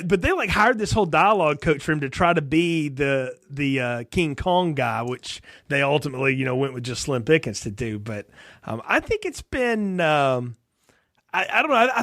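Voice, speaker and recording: Fields: Sex: man. Role: podcast co-host. Style: casual film review chat. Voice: high. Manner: animated, laughing, acts out lines. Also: moderate pace, no room sound, clean studio sound.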